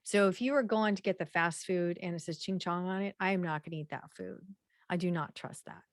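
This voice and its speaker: A woman presenting a slideshow workshop in a conversational way, with frequent fillers and repeated throat clearing. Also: fairly low pitch, a little fast, dry recording, clean studio sound.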